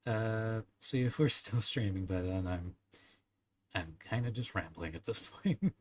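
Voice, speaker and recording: A man's voice: on the low side, unhurried, slight background noise. A young man streaming and chatting casually with his viewers, rambling with frequent fillers, small laughs and little verbal-tic sounds. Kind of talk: casual chat with live chat.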